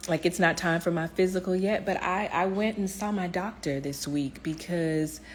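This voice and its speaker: Earnest low-voiced woman vlogging. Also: normal speed. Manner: earnest, heartfelt, many fillers and restarts; speaks directly to viewers, encouraging. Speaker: motivational speaker. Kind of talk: personal motivational vlog talk.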